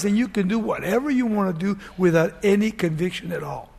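High-voiced man preaching in a reverberant hall. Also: creaky. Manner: reads scripture aloud and paraphrases it in casual speech. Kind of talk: sermon.

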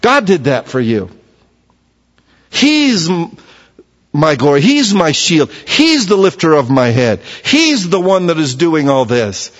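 A man preaching a sermon, moving between hushed low lines and raised emphatic ones. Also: big pitch swings, slow pace. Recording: dull sound with long hall reverb.

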